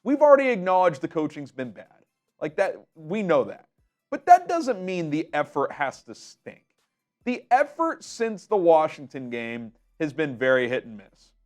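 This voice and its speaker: A man on a sports rant, his fairly high voice swinging up and down as he presses each point. He is frustrated and emphatic, tripping over repeated words, and his voice is getting worn out. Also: very animated, moderate pace, faint music behind. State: losing his voice. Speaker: sports show host. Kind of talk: ranting sports commentary.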